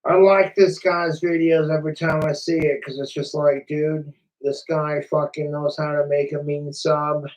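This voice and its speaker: Casual male streamer, rambling and profane, slightly high voice, a bit off-mic. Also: flat delivery, normal speed, far from the mic, rough recording. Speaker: livestreamer. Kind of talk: casual livestream chat.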